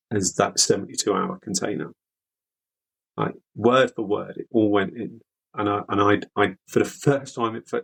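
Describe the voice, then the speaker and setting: A man from the UK, a veteran guest, speaking candidly in an interview with halting, repeated words. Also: fairly low pitch, vocal fry, rough recording. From United Kingdom.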